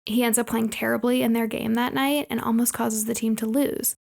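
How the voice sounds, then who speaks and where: A woman co-hosting a movie podcast, running through the plot in casual chat. Her voice sits a little high and carries a gravelly fry. She keeps the recap brisk and drops in playful asides. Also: flat delivery, darkish tone. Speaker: podcast co-host.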